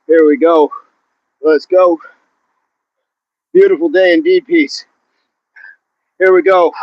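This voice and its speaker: A man's voice: a little high, fairly even intonation, a little slow, pauses often, a little mellow, dull audio, a little hiss or hum. A man hosting a fitness livestream outdoors, chatting with viewers and counting his reps, slightly out of breath. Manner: grunting rep counts between casual chat with viewers. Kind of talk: live workout chat with counting.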